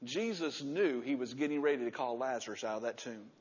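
A man in his sixties preaching a sermon, repeating key words with emphasis and dropping to a soft, low voice to stress a point. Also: fairly quick, breathy edge. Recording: muffled sound with long hall reverb.

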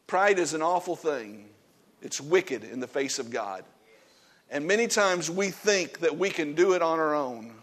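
A male pastor delivers a sermon in an easygoing, talkative way, his voice sitting a touch high. He laughs at himself now and then and moves between soft, low stretches and loud bursts of emphasis. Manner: conversational preaching with laughter and self-deprecating asides.

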